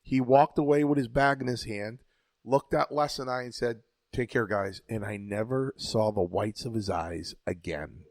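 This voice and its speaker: A man's voice: mid-range voice, fairly even intonation, moderate pace, dry recording. Guy rambling thru an old wrestling story, cursing, tripping over his words, dry close mic. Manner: rambling, profane, stumbling restarts. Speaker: podcast co-host, former wrestler. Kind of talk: casual storytelling banter.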